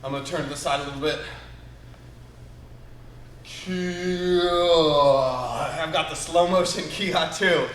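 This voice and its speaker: Guy coaching a kids karate class over video, peppy, keeps calling counts, bright voice, echoey dojo. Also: on the high side, steady tone, fast talker, few pauses, a little hiss or hum. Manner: upbeat and encouraging, calling out counts and commands. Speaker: martial arts instructor. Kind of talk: teaching a live online kids' karate class. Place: martial arts studio. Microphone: camera a few steps away. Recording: roomy studio echo.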